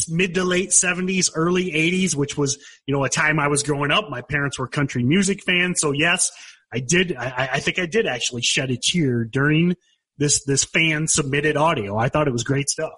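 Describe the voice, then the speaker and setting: Husky middle-aged podcast host. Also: male voice, on the high side, pushed and bright. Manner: rambling, repeats words while thinking. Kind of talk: casual chat.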